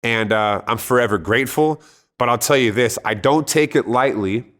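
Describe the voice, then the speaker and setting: Man, mid-pitched, earnest testimony, casual and conversational, with restarts. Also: normal speed, fairly bright tone. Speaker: storyteller sharing a personal testimony.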